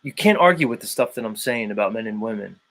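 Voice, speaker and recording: Talking fast and expressively in a fairly low, slightly bright voice, a man hosts a laid-back livestream. He names viewers from the chat and makes his arguments forcefully.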